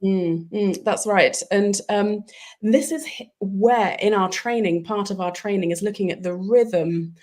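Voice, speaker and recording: Woman, speech coach, slow unhurried delivery, instructive. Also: medium pitch, a little mellow. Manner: instructive, demonstrates pronunciation. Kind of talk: interview answers.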